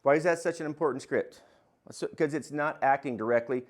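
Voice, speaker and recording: An older man teaching a real estate class, energetic and quizzing his students with questions. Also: on the high side, normal speed. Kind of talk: interactive classroom lecture.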